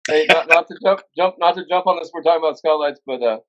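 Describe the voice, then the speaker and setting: A man guesting on a podcast, excitedly telling a story, repeating himself and laughing as he goes. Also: a little high, quick pace, lo-fi sound, slight background noise. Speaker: guest musician. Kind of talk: casual chat.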